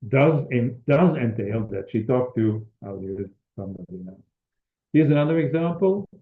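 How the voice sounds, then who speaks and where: Older man lecturing, echoey thin sound. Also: medium pitch. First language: Dutch. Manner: hesitant, restarting, explanatory. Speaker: linguistics lecturer. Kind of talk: academic seminar lecture. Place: lecture room. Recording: echoey room over a thin phone-like line.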